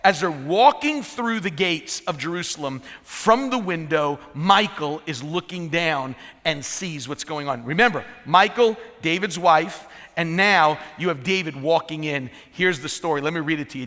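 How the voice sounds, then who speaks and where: Bright, forceful preaching man. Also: a little high, moderate pace, long reverb tail. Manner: lively storytelling with humorous asides. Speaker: pastor. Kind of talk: sermon. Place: church sanctuary.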